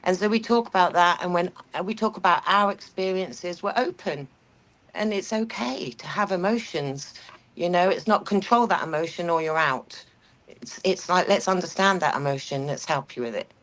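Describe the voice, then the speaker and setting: A woman with a slightly low voice talks in a podcast conversation as a deputy head teacher. She is expressive and quick to laugh, and she acts out the words she says to children. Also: rough recording.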